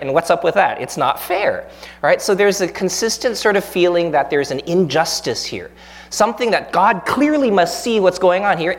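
A man in his thirties, a pastor giving a sermon in a relaxed, conversational way, joking at his own expense and acting out the prayers he quotes. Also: medium pitch. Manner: conversational, self-deprecating, acts out quoted prayers.

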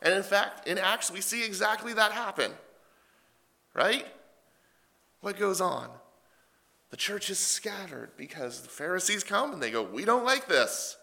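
A man preaching a sermon, retelling scripture in a casual, animated paraphrase. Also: sits high, measured pace, gravelly, long pauses.

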